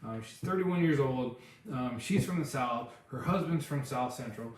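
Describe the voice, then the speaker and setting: A man's voice: medium pitch, animated, normal speed. Rambling man in a very echoey room. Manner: rambling storytelling with many fillers. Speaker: podcast co-host. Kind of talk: casual chat.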